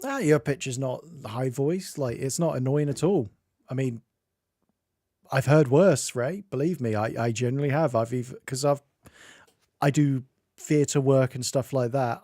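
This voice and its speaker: A man's voice: medium pitch, warm tone, dry recording, studio quality. A man streaming and chatting casually, reading chat aloud and laughing often.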